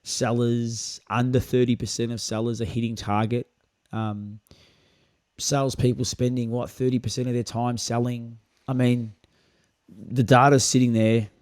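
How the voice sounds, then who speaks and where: A man's voice: mid-range voice, level tone, a little slow, darkish tone, dry recording, clean studio sound. A man, a podcast guest chatting in an upbeat, friendly way. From Australia. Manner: upbeat and friendly, calls people mate. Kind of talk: casual podcast chat.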